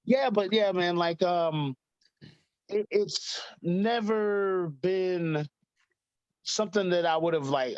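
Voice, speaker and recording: A man's voice: sits high, slow pace, a little mellow, no room sound, highs cut off. A man in his thirties, a guest talking casually in an interview, rambling with many fillers and frequent laughter. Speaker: guest, fighter.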